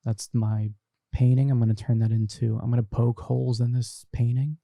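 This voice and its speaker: A man's voice: medium pitch, flat delivery, normal speed, gravelly, warm tone, no room sound. A young man hosting a casual podcast, reading viewer comments aloud and chatting about them. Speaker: podcast host reading live chat. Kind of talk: casual live-stream chat. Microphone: desk microphone through a mixer.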